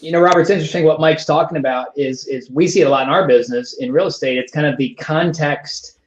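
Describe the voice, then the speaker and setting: A man's voice: fairly high pitch, quick pace. A real estate trainer speaking as a guest, earnestly and emphatically explaining his point on a video call. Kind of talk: casual chat. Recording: echoey, dull video call audio.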